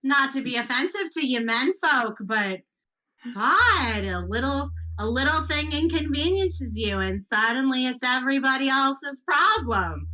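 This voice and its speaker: Woman playing a burly flirty bruiser, mischievous, bright tone, slow delivery, tabletop game. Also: expressive, heavily acted, low-quality recording. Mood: mocking. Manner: teasing, drops low and purring when threatening.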